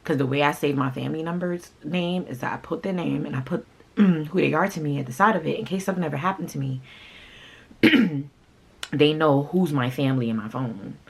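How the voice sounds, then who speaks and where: A young woman whose first language is Haitian Creole, telling a personal story in a casual, animated way, with sudden loud outbursts and asides to viewers. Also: low voice, a little fast, vocal fry, slightly rough. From Haitian family. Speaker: vlogger.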